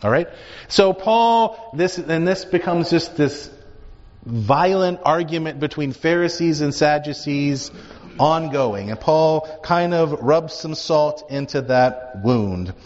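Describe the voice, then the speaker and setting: A man's voice: on the high side, lively intonation, slow pace, a little mellow. Emphatic male Bible teacher in a hall. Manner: emphatic, explanatory, rhetorical questions. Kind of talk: classroom Bible lecture. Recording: dull recording with hall reverb.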